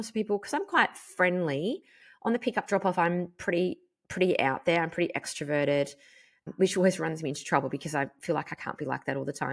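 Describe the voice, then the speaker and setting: A woman in her thirties, hosting a podcast and telling a personal story in a frank, animated way with casual swearing. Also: low-pitched. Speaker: podcast host. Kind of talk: candid personal monologue.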